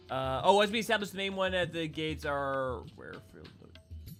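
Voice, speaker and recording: A man's voice: on the high side, lively intonation, moderate pace, vocal fry, soft background music. A man chatting casually on a game live stream and greeting viewers by name.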